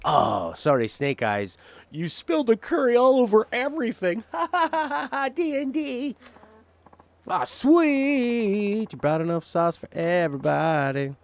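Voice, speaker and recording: A mocking, theatrical dungeon master, put on by a man, gloats over a fumbled dice roll. The voice jumps well above his normal register and swings wildly. The cackling stays loud and gleeful. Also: sits high, very animated, measured pace, vocal fry, voice pushed up, full character voice. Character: mocking male dungeon master narrating mishaps.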